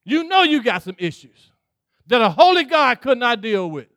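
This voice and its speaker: A man's voice: extremely high pitch, sing-song, normal speed, fairly bright tone, no room sound, studio quality. A male pastor preaching a sermon, talking straight to the congregation and acting out what God says. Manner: preaching with call-outs, acting out God's voice, laughing.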